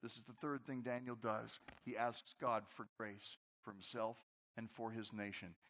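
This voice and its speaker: A pastor preaching a conversational, animated sermon to his congregation in a large church. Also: on the low side, moderate pace. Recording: long hall reverb.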